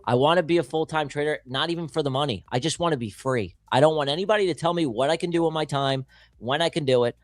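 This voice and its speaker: A man's voice: on the high side, fast, no echo. Blunt, swearing young man talking trading. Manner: blunt, swears freely, emphatic. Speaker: guest trader. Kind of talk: casual livestream chat.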